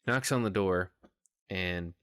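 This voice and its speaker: A very low-voiced man chats loosely on a podcast and rambles through his points with plenty of ums. The sound is dry and close-miked. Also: slow, a bit bright, clean tone, no echo. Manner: rambling, lots of fillers, laughs easily. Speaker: podcast co-host. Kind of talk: casual chat.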